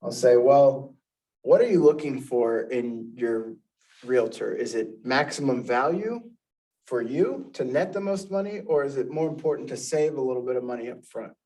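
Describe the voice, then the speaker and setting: A man in a class, explaining sales lines in a measured way and acting out the scripts. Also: medium pitch, animated, warm tone. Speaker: class participant. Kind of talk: classroom discussion. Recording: echoey room, mic far off.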